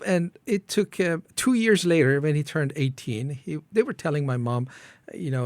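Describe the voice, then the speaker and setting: Middle-aged Iranian-born guest, earnest halting testimony, mid-pitched voice, dry close studio sound. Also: male voice, darkish tone, no room sound. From Iran. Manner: halting, earnest, acts out his own prayers with rising pitch. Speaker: ministry founder, guest. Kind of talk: personal testimony in an interview.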